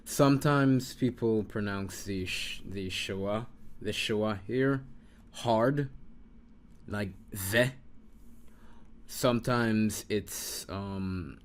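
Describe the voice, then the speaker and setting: A man's voice: lowish voice, drawn-out words. A man teaching an informal lesson, patiently repeating sounds and muttering to himself while he writes. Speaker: Hebrew teacher.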